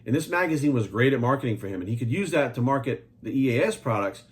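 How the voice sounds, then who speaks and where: A man's voice: mid-range voice, lively intonation. A man in his forties, a fitness coach, ranting bluntly and profanely to his viewers. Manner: rapid, pushy, talks straight at viewers. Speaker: fitness coach and supplement maker. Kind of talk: ranting monologue to camera.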